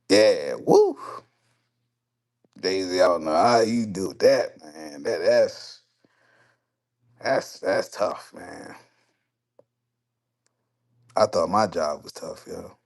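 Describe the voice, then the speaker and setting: A man on a live stream casually telling a story and answering chat, swearing freely and getting heated. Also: on the low side. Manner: profane, heated when retelling conflicts, quick asides to chat.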